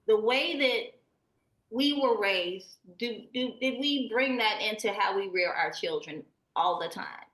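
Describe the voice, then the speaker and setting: A woman in her forties, a guest on a live talk show, speaking in an earnest, measured way with fillers like um. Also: medium pitch, expressive, a bit bright, roomy sound, rough recording.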